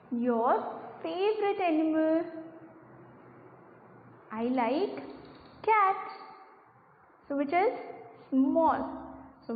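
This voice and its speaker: A high, lively woman's voice with an Indian English accent, teaching small children in a sing-song, coaxing way and imitating animal sounds. She speaks very slowly. The audio is thin and phone-like, with a roomy echo. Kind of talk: online lesson for young children. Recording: phone-quality audio in an echoey room.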